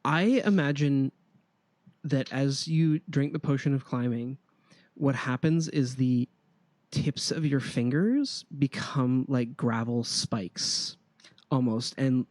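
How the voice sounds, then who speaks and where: A man runs a tabletop game, describing each scene in a measured, unhurried way. His voice sits at an ordinary middle pitch. The sound is close and dry, with no room around it. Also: no echo. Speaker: game master.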